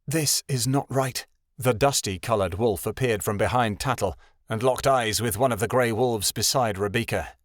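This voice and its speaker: A man narrating a fantasy audiobook in an expressive reading style. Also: lowish voice, normal speed, dry recording, clean studio sound.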